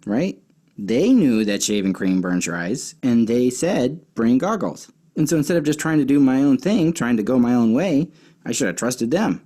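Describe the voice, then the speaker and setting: Male children's Bible teacher, mellow voice, chatty and rambling with fillers, casual storytelling delivery. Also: mid-range voice, breathy edge. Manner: chatty, with many fillers and restarts.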